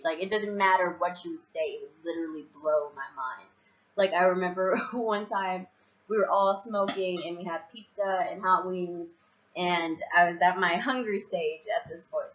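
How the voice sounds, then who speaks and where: A young woman tells a story straight to camera in a low, husky-toned register. She is animated and breaks into laughter often, slipping into exaggerated versions of her past self. The audio is dull and lo-fi, like home video. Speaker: vlogger. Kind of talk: casual storytelling.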